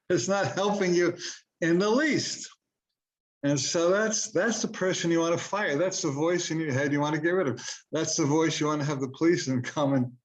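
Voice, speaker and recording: Self-help speaker, male, slightly high voice, earnest and conversational, muffled lo-fi sound. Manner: earnest, conversational, rhetorical questions. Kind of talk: motivational talk.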